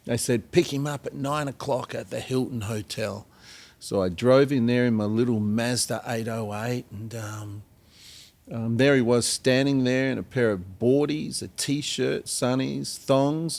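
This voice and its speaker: An Australian man, a singer-songwriter guest, telling rambling anecdotes with many pauses and acted-out quotes. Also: medium pitch, gravelly, darkish tone. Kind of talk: storytelling in a podcast interview.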